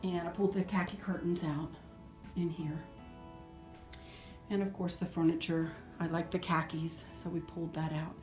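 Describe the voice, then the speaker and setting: A middle-aged woman giving a chatty, sentimental home decor tour with soft laughs. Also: on the low side, flat delivery, normal speed, pauses often. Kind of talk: casual home tour narration. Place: indoors in a house. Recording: roomy echo, faint music.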